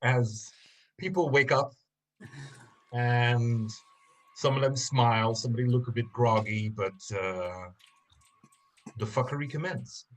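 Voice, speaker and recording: A man narrating a tabletop game as game master, in slow, halting narration with many fillers. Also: medium pitch.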